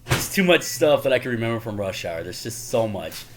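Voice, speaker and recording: A man's voice: mid-range voice, sing-song, fairly quick, noisy background. A man casually recapping favorite comedy movies on his channel, rambling and chuckling, peppering his talk with "man" and "y'all". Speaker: YouTuber.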